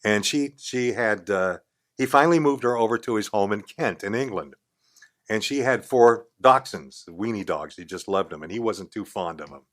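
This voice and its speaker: A man's voice: lowish voice, moderate pace. Older man, blunt chatty raconteur. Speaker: radio talk show host, guest. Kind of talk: casual anecdotal storytelling. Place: podcast studio.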